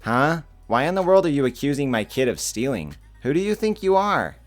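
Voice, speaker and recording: A man's voice: big pitch swings, fairly quick, soft background music, natural voice. A man voicing a rude, defensive entitled mother who snaps at people, as part of a narrated story. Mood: snapping. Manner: shrill, snapping and dismissive. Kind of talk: story narration with voiced characters.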